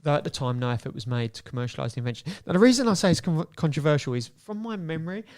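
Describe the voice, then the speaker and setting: A man with a Cockney accent and an Australian twang hosts a podcast in a fairly high voice. He keeps things jokey and upbeat, running quiz rounds with his guest. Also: lively intonation, very fast, darkish tone. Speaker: podcast host. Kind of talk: casual podcast interview.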